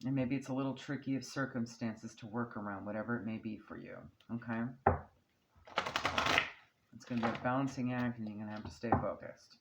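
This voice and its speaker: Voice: mid-range voice, steady tone, fairly quick, lo-fi sound, very noisy. A tarot card reader giving a casual channeled reading, reassuring and chatty, who often checks in with "okay?" and "right?". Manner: chatty, laughs now and then.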